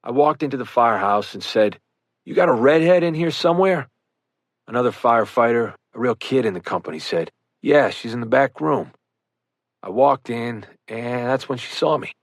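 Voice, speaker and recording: A man narrating a firefighter's first-person account for an audiobook, measured and earnest. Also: medium pitch, no room sound, studio quality.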